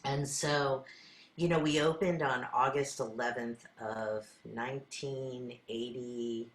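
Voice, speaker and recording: A woman's voice: very deep voice, steady tone, slow. An older woman leading a class, telling her own stories in an earnest, conversational way and acting out her side of past conversations. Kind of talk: storytelling talk to a group. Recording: roomy echo.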